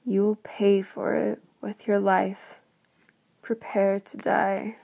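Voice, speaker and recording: A woman voicing a huge, furious male beast in a whispered role-play from a storybook, speaking slowly with a growl. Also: medium pitch, little pitch movement, gravelly, mellow. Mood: angry growl. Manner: slow, growling, spitting words.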